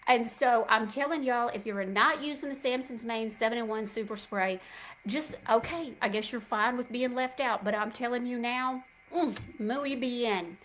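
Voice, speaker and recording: A middle-aged woman host with a drawl and a fairly high voice, chatting away to her audience. She tells a long, rambling story and calls her listeners "y'all." There is a faint hiss of noise behind her. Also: fairly bright tone, rough recording. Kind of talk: casual chat.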